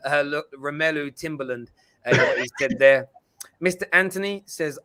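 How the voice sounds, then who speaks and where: A man's voice: fairly high pitch, moderate pace, pushed and bright, clean tone. A man hosting a football fan show, bantering and reading out viewer comments. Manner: playful banter, reads out comments. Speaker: host. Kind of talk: fan reaction show chat.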